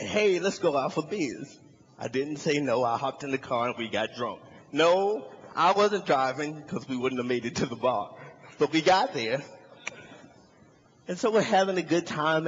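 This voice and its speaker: On stage in a large hall with a live audience, a young comedian spins a story and voices its people in lively, high-pitched shouts. The recording's highs are cut off, and there's a faint hiss or hum.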